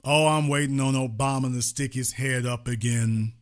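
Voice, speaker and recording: A man's voice: mid-range voice, fairly even intonation, moderate pace, a little hiss or hum. A man hosting a show who delivers a political commentary monologue in an emphatic, repetitive, preaching manner. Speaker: host.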